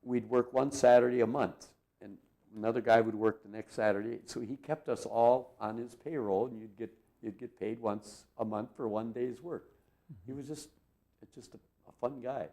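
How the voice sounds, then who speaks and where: A man's voice: medium pitch, steady tone, normal speed, dark tone. A man in his eighties from Minnesota, reminiscing in a rambling, chuckling way full of fillers. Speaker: interviewee. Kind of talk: reminiscing storytelling.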